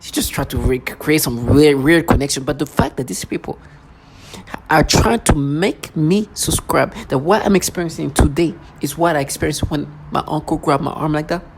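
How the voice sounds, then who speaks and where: A vlogger in an intense, repetitive personal monologue who keeps mimicking other people in a lower voice. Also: moderate pace, creaky, slight background noise.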